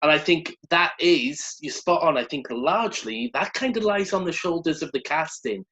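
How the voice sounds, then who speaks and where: A man's voice: on the high side, lively intonation, moderate pace, bright, forceful tone. A man co-hosting a film review show, giving blunt, emphatic opinions in casual conversation. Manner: blunt, emphatic, laughs between remarks.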